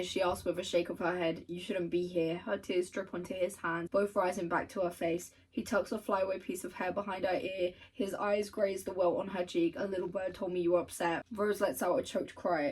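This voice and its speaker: A woman's voice: fairly low pitch, husky, distant mic, poor audio. A young woman book vlogger chatting casually and gushing over quotes she reads aloud, swearing now and then. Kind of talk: casual chat and reading aloud.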